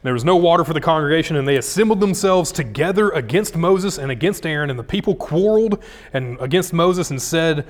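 A man preaching a casual, jokey sermon, acting out scripture quotes with dramatic swings in loudness and pitch. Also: expressive, a little fast. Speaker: pastor.

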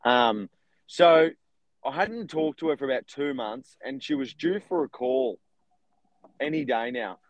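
Young aussie guy chatting on a podcast, animated, laughs a lot, dry sound. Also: mid-range voice, unhurried, dry recording, highs cut off. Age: young adult. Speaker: podcast co-host, real estate agent. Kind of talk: casual chat.

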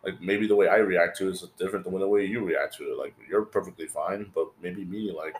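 Man, very low voice, casual podcast host, rambling, profane, roomy echo. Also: fairly even intonation, a little fast, a little hiss or hum. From California. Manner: rambling, swears a lot, acts out quoted friends.

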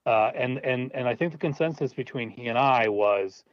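A man's voice: mid-range voice, moderate pace, dry recording. Guy chatting about his movies, laughs a lot, kinda lo-fi dry recording. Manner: animated, laughing, stumbles over words. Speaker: filmmaker guest. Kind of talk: casual interview talk. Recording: dull dry lo-fi sound.

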